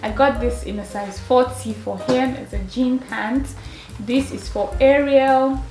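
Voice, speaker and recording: A woman's voice: high-pitched, steady tone, unhurried. A young mother, gushing and laughing as she chats through a kids' clothing haul at home. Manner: chatty and gushing, laughing often. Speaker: mother and vlogger. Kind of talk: casual clothing haul chat. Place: her home. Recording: roomy sound with faint music.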